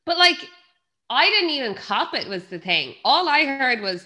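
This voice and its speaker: A woman's voice: on the high side, big pitch swings, normal speed, bright, forceful tone. A young woman with an Irish accent, co-hosting a podcast and telling stories in casual chat, swearing freely. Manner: chatty storyteller, swears freely. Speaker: podcast co-host.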